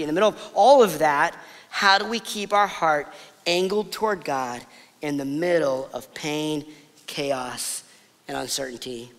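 A male pastor with a high voice preaches in a big church hall whose long reverb trails after each phrase. He talks casually, telling stories, then slows into soft, weighty pauses. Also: gravelly. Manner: conversational storytelling, drops to soft emphatic pauses. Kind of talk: sermon.

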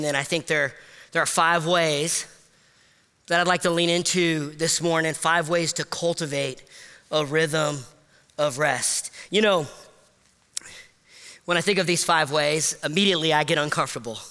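Impassioned high-voiced preacher in a hall. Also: male voice, a little slow, long pauses, clean tone. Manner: impassioned, climbing high and loud at emotional peaks, dropping soft and low; casual, self-deprecating asides with fillers. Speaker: pastor. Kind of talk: sermon.

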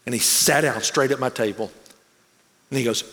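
A man preaching a sermon, telling a personal story in an animated way and acting out the people he quotes. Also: mid-range voice, normal speed. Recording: long reverb of a large hall.

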